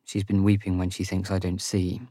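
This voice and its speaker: A man narrating a fantasy audiobook in the first person, with a measured, sombre reading on a close studio mic. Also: low-pitched, completely flat delivery, dark tone, dry recording.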